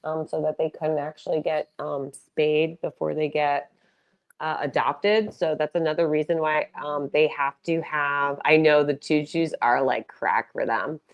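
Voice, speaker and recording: Low-voiced woman rambling on a livestream. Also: steady tone, unhurried, muffled recording. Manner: rambling, lots of fillers and restarts, casual swearing. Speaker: live streamer hosting a fundraiser. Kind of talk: casual livestream chat. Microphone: laptop mic.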